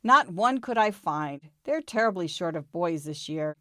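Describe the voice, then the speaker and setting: A woman's voice: on the low side, lively intonation, measured pace, a bit bright, dry recording, clean studio sound. A woman voicing a patient, soothing mother dog in a read-aloud storybook. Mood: gentle. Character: gentle motherly female dog.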